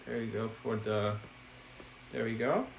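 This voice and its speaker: A man's voice: medium pitch, a little slow, gravelly, slight background noise. A man chatting casually on a live stream about puppets he made, giggly, with lots of ums and restarts. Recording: echoey room.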